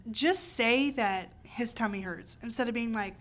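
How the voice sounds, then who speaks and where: Animated young woman co-hosting a podcast. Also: fairly high pitch, a little slow. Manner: animated, rants with exaggerated quoted reactions. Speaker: podcast co-host. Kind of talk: casual chat.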